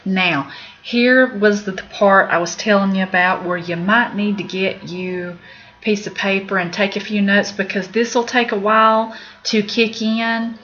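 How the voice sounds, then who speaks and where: A woman's voice: mid-range voice, steady tone, measured pace, a bit bright. A middle-aged woman with an Appalachian accent, teaching a casual recorded lesson on medical terms in a candid, chatty way. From Appalachian United States. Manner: candid, chatty, laughs at own jokes. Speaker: medical office instructor. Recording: slightly dull lo-fi recording with faint background noise.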